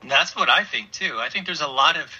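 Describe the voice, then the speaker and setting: A man's voice: fairly high pitch, animated, a little fast, bright, forceful tone, husky. A man co-hosting a podcast, chatting casually in an agreeable, supportive way and laughing easily. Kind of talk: casual chat. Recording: dull lo-fi audio.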